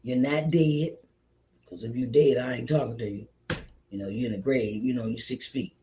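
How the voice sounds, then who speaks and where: A man's voice: medium pitch, fairly even intonation, normal speed, dark tone, a little hiss or hum. Earnest man giving a preachy pep talk. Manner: repetitive, earnest, preachy, calls listener child and honey. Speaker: author giving encouragement. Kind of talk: motivational talk to viewers. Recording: dull lo-fi recording.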